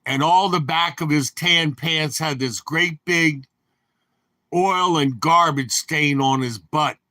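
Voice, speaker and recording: Slow-talking older man spinning yarns. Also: a little high, bright, forceful tone, no room sound. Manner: anecdotal, leisurely rambling. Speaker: storyteller. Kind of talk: rambling storytelling.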